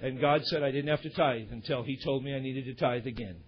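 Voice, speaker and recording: A male pastor with a mid-range voice speaks fairly quickly, delivering a sermon built around stories at a church service. He tosses in candid, conversational asides to his congregation. The recording is dull and lo-fi.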